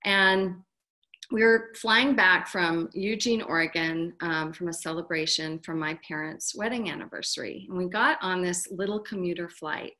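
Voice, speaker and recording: A woman's voice: lowish voice, moderate pace, bright, forceful tone. A middle-aged woman, a guest author, telling a personal story in an earnest, heartfelt way.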